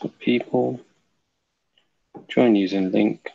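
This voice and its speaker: A man with a gravelly, creaky voice hosts a casual livestream from his desk. He mutters to himself while setting things up and chats with viewers between comments. The recording is dry and dull, with a lo-fi edge. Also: fairly low pitch, steady tone, slow, dry recording. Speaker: livestream host.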